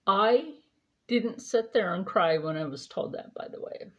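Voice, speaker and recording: A woman's voice: mid-range voice, expressive, measured pace, fairly bright tone, lo-fi sound. A woman vlogger chatting casually during her skincare routine, telling a rambling story with lots of fillers.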